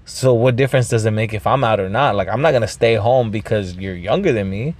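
A man hosting a podcast, telling a rambling story with lots of swearing, throat clearing and bits of Spanish. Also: on the low side, a little fast, a little mellow. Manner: mixes in Spanish phrases. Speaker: podcast host. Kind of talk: casual storytelling monologue.

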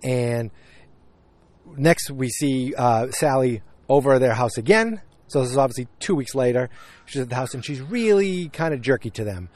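A man's voice: mid-range voice, animated, moderate pace, darkish tone, no echo. A man casually recapping a TV episode, blunt and chatty, recorded on a handheld recorder outdoors beside woods. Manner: blunt, chatty, many fillers and restarts. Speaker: podcast host recapping a TV episode. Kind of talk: casual chat. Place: outdoors beside woods near his house.

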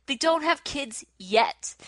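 A woman's voice: sits high, lively intonation, slow pace, no echo, studio quality. A woman co-hosting a podcast, wry and giggly. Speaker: podcast co-host. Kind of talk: casual chat.

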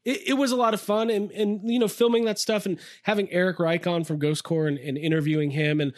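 A man co-hosting a casual podcast from his toy room, rambling and excitable with many fillers. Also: sits high, quick pace, no echo, studio quality. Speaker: podcast co-host. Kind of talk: casual chat.

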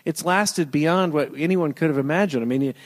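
A man in his thirties hosting a casual chat, teasing his guest and telling animated stories. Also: fairly high pitch, a little fast, background noise. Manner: teasing, animated storytelling, acts out voices.

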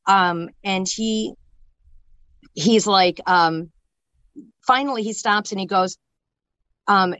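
A young woman telling an emotional personal story in a halting way, full of fillers and restarts. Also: medium pitch, fairly bright tone, smooth, no echo. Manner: halting, filler-heavy talk with many restarts. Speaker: storyteller sharing a personal loss.

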